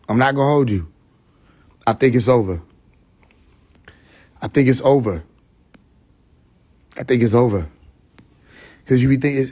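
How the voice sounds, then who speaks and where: A man hosting a casual livestream, ranting with lots of swearing and mocking laughter, swinging between loud outbursts and mutters. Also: mid-range voice, slightly rough. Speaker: livestream host. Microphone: phone.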